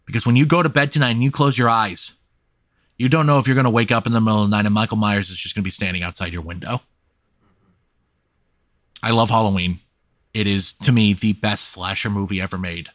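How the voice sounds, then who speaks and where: A man's voice: lowish voice, steady tone, fast talker, fairly bright tone, dry recording. A man hosting a casual movie podcast, talking emphatically and swearing freely into a close mic. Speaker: podcast host. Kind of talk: casual film discussion.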